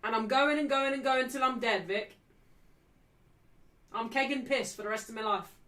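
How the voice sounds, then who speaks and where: A woman hosting a football watchalong stream, calling the play, cheering loudly and joking brashly with her live chat. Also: on the high side, moderate pace. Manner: excitable, shouting cheers at big moments. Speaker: livestream host.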